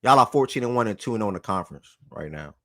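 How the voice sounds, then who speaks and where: A man's voice: lowish voice, expressive, fast talker, fairly bright tone, no room sound. A man hosting a sports talk show in a loose, slangy way, repeating phrases for emphasis and getting worked up.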